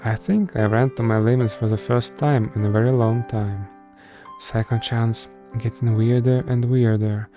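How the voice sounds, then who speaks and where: A man's voice: mid-range voice, fairly even intonation, lightly acted. Weary young office woman, read by a man. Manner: slow, drawn-out inner monologue. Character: tired, uneasy young woman office worker. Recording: game music behind the voice. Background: music.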